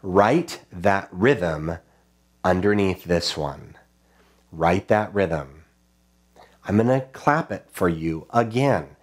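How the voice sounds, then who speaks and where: A man's voice: low voice, animated, slow, pauses often, slight background noise. A man teaching a children's music lesson, patiently chanting rhythm syllables and talking them through drawing rhythms.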